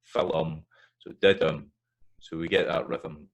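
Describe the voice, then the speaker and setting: A Scottish man with a very deep, low voice gives a lesson over slides. He teaches in an explanatory way and stops often to say example words and sound out rhythms. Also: fairly even intonation, slow pace, creaky, dull audio. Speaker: language teacher.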